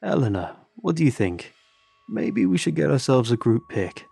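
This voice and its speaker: A man's voice: medium pitch, sing-song, normal speed, vocal fry, warm tone, husky, pitched above the performer's own voice, heavily acted. A man voicing a friendly, easygoing Norwegian soldier with a Norwegian accent. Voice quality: easygoing, cheerful.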